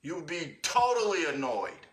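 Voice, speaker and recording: Loud cussing man ranting. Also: fairly high pitch, very animated, measured pace, reverberant. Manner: angry, cussing, street talk. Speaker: livestream host. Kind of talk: profane livestream rant. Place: indoors at home.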